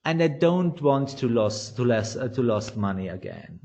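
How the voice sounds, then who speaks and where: A man's voice: medium pitch, lively intonation, normal speed, dark tone, close to an everyday voice. A man voicing a fearful, panicking inner voice that pleads not to trade. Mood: panicked. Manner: frantic, pleading.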